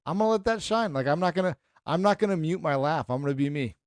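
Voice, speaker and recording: A man's voice: fairly high pitch, fast talker, dry recording, studio quality. A man co-hosting a podcast in casual chat, laying out firm opinions emphatically. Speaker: podcast co-host.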